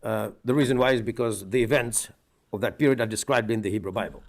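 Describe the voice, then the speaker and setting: A middle-aged man with a Russian accent, speaking as a rabbi giving an earnest funeral eulogy with measured storytelling. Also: lowish voice.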